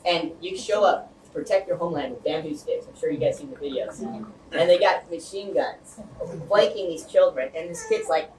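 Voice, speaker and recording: A man's voice: a little high, lively intonation, normal speed, crowd noise. Earnest man giving a rambling speech. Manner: rambling and earnest, many fillers and restarts. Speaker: guest speaker. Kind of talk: impassioned speech to a community group. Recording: echoey room, far from mic, faint hum.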